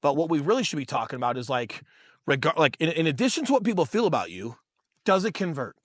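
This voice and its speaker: Fast and very animated, this thirtysomething podcast co-host, who also works in real estate, has a fairly high, slightly bright voice. He swears freely while swapping stories casually, addressing listeners as dude and bro, and the studio audio is clean with no echo.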